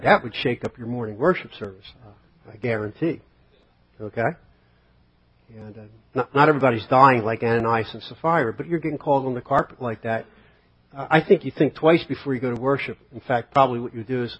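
A man's voice: medium pitch, brisk, pauses often, slightly rough. A male pastor preaching a conversational sermon, full of rhetorical questions and acted-out quotes. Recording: dull lo-fi sermon recording.

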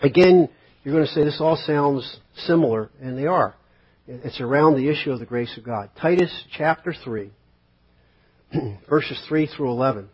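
A man's voice: medium pitch, moderate pace, long pauses, breathy edge. A male pastor preaching a conversational sermon, full of rhetorical questions and acted-out quotes. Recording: dull lo-fi sermon recording.

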